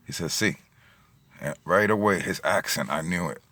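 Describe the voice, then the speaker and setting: A man's voice: deep voice, normal speed, pushed and bright, no echo. A middle-aged man with a New York accent, telling a story in a casual vlog. He rambles with many fillers and gets emotional. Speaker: vlogger. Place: in and around his car at a gas station.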